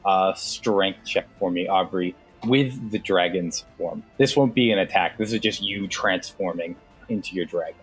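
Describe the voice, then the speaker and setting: A man's voice: low-pitched, moderate pace, breathy edge, faint music behind. A man narrating a tabletop game as game master, casual, with many fillers.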